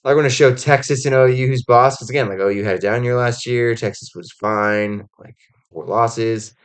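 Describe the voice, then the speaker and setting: A man's voice: medium pitch, moderate pace, clean tone. A man giving casual college football commentary, rambling with lots of "like" and "um" and acting out quotes as he goes. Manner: rambling, heavy on "like" and "um" fillers; animated storytelling with acted-out quotes. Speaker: college football podcast host.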